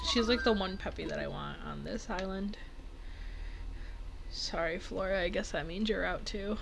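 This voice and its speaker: A young woman giving rambling, giggly, excitable casual commentary while she plays a video game, with faint game music behind her. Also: medium pitch, moderate pace, vocal fry, background noise. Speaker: gaming video creator.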